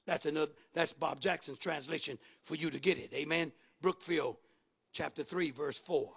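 A man preaching a sermon, swinging from loud shouted lines down to quick low muttering. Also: creaky, husky. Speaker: pastor.

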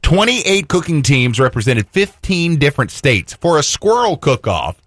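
A man's voice: fairly high pitch, very animated, normal speed, fairly bright tone, no echo, studio quality. A man co-hosting a morning radio show, telling a story in a folksy, wry, joking way. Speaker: radio co-host. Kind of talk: casual morning radio banter.

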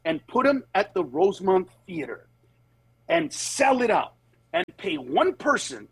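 A male comedian with a high, lively voice that swoops up and down as he spins a story. The tone is a little husky, and the sound is close and dry with no room around it. He slips easily from playful to sincere. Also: unhurried, no room sound. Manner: animated storyteller who acts out other people's voices. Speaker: stand-up comedian. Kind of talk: casual podcast conversation.

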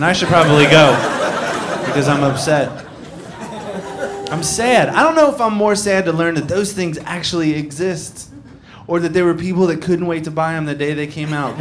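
A man performing stand-up in a comedy club, his voice sitting high as he spins his story and slips into loud character bits. A live crowd and room noise stay under him throughout.

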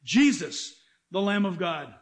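A pastor preaching an animated sermon, acting out quotes and asking the congregation questions. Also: male voice, sits high, measured pace.

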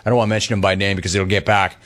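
A man hosting a sports talk radio show, animated and wisecracking as he takes calls and tells stories. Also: deep voice. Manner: animated, wisecracking, quick to mock.

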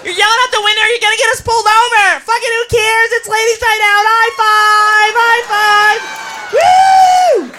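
A woman's voice: extremely high pitch, fairly even intonation, rapid-fire, hardly any pauses, a crowd in the background, background noise, pitched above the performer's own voice. A woman playing a rowdy young woman who squeals and whoops on a girls' night out.

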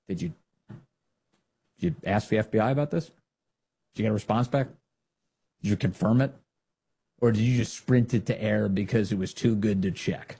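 Husky man mocking the news. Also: medium pitch, moderate pace, long pauses. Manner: mocking, derisive, animated. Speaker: political commentary host. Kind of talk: sarcastic commentary.

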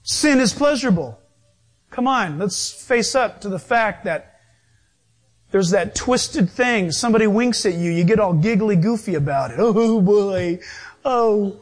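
Guy preaching a sermon, high voice, really animated, acts stuff out. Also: a little slow.

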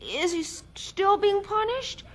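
A woman's voice: very high-pitched, sing-song, unhurried, fairly bright tone, full character voice. Stammering small boy. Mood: anxious. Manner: stammering, pleading questions. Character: young boy, curious and fearful. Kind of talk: radio drama acting.

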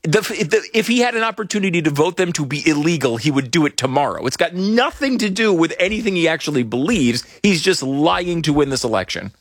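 Sarcastic man with a lively voice. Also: fairly high pitch, brisk, few pauses, no room sound, studio quality. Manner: laughs often, lively sarcastic delivery. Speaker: podcast co-host. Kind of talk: casual political commentary.

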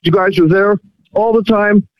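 A man's voice: high voice, steady tone, moderate pace, no echo, low-quality recording. A man calling in to a radio show, effusive and stammering, repeating himself. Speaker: caller. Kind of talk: phoned-in radio call.

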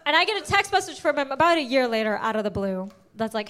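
High-voiced woman doing stand-up. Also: fast, smooth. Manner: animated storytelling, acting out quotes. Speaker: stand-up comedian. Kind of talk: stand-up routine.

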